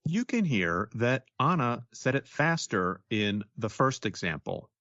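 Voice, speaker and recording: Guy co-hosting an english podcast, slow and animated, dry dull-ish sound. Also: medium pitch, no room sound. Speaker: co-host. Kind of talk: scripted educational podcast.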